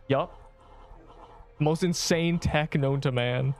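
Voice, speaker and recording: A man's voice: on the high side, moderate pace. A young man streaming a game, joking and rambling as he teases the viewers in his chat. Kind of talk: casual gameplay livestream chat.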